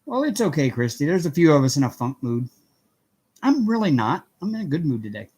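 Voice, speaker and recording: A chatty middle-aged man hosts a relaxed livestream from his home. His voice sits a little high for a man, and he reads out viewers' names one after another, laughing easily between remarks. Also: brisk, husky. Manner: chatty, greets viewers by name, laughs often. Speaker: livestream host. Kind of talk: casual livestream chat.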